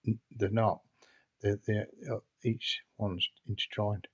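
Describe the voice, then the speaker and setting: A man recounts a tale in a casual, meandering way. He hesitates often and restarts his sentences, and his voice sits fairly low. The recording sounds dull and lo-fi. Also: little pitch movement, slow pace. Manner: hesitant and rambling, frequent restarts. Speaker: storyteller. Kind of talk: casual anecdotal storytelling.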